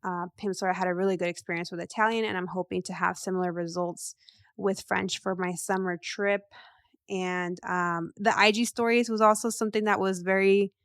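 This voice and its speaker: A woman's voice: medium pitch, fairly even intonation, normal speed, a bit bright, no room sound. Chatty woman podcast host, dry sound. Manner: chatty, rambling, laughs often. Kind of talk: casual podcast chat.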